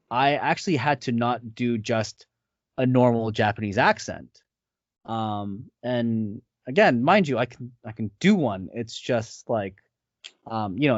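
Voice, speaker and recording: A man's voice: mid-range voice, no room sound. Easygoing man with a dull lo-fi sound. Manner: rambling, many fillers and restarts. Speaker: voice actor guest. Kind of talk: casual interview chat. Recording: dull lo-fi audio.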